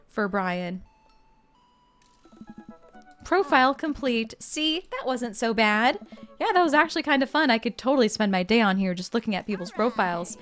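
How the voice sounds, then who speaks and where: A woman's voice: mid-range voice, expressive, normal speed, a bit bright. Young woman, streamer, casual game commentary, playful, reads text aloud, faint music behind.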